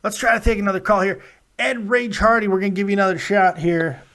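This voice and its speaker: A man's voice: sits high, steady tone, quick pace, a bit bright. A man hosting a live call-in wrestling review show, chatting casually with callers, emphatic and playful, swearing freely.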